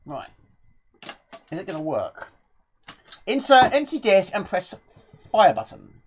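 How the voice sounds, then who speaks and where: A woman streaming a retro game, talking loosely and breathlessly as she plays. Her pitch swings a lot and she rambles from one thought to the next, reading chat questions aloud as she goes. She sounds winded from nonstop talking. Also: huge pitch swings, slow, a little hiss or hum. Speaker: live streamer. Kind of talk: casual gameplay commentary.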